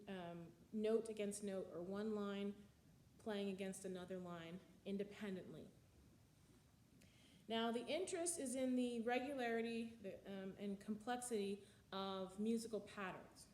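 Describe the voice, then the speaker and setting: A woman's voice: medium pitch, a little slow, a little mellow, roomy sound, a little hiss or hum. A woman teaching music history in a slide lecture, explaining with frequent ums and counting out the beats.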